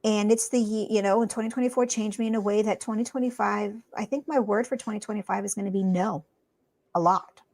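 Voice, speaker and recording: A woman co-hosting a podcast, talking in a blunt, emphatic and animated way. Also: medium pitch, fairly quick. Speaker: podcast co-host. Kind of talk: casual chat.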